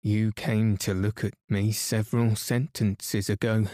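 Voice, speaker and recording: A grumpy, thin-skinned ancient sand fairy with a haughty, offended air, as a man reading a bedtime story puts him on. The lines come slow and unhurried in a fairly low voice, close and dry with no room sound. It stays a storybook creature, lightly sketched rather than fully acted. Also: flat delivery, warm tone, no echo, close to an everyday voice. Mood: testy. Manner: cross, haughty, easily offended.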